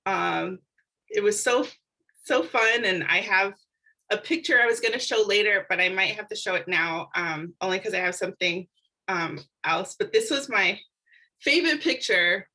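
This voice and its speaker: A woman speaking as a niece at a tribute on a video call, hesitant with many pauses and fillers. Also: medium pitch, bright, forceful tone, low-quality recording. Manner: hesitant, many ums, light laughs.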